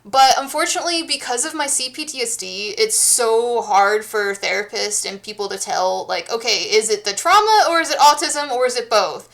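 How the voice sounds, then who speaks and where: A woman's voice: on the high side, lively intonation, normal speed, hardly any pauses, a bit bright. A woman in her thirties from the United States, chatting casually with her stream viewers and rambling along with many restarts and fillers.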